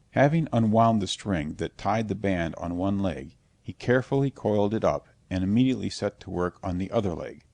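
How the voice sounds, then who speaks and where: A man reading a classic novel aloud as an audiobook narrator, in a steady, measured way. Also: on the low side, no room sound. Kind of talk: scripted narration.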